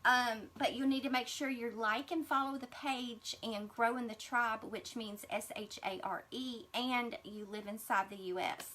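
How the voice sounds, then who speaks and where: A woman's voice: on the high side, fairly even intonation, unhurried, few pauses, pushed and bright. A middle-aged woman, hosting a casual craft livestream and gushing to her viewers as she unpacks gifts. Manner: gushing, chatty, addresses viewers as y'all.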